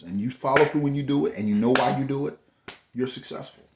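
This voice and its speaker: A man's voice: medium pitch, fairly quick, very noisy. A man giving a motivational talk, preachy and repetitive, full of rhetorical questions. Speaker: host. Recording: echoey room.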